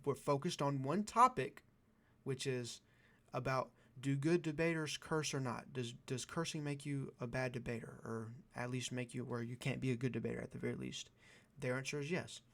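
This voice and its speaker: Young male vlogger, exasperated and cussing. Mid-pitched, dry sound. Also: normal speed, creaky, a bit bright, no room sound. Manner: profane, exasperated, sarcastic. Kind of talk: ranting commentary.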